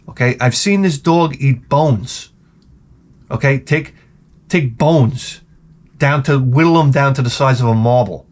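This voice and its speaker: A man hosting his channel, telling comedic stories in an animated, profane, exaggerated way. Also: on the high side, unhurried, pauses often. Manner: animated, profane, exaggerated, jumps into quoted voices. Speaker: channel host. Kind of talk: casual comedic storytelling rant.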